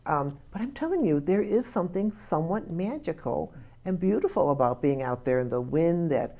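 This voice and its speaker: A woman's voice: low voice, lively intonation, normal speed, dark tone. A woman guest on a radio talk show, quizzing the hosts on movie quotes and exclaiming as she laughs along. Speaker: guest, playwright and comedian. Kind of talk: casual radio chat, running a movie quiz.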